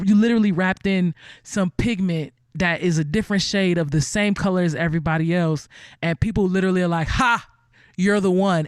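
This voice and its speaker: A man's voice: high voice, no echo, studio quality. A man hosting a virtual benefit concert in a casual, rambling way, full of fillers and restarts.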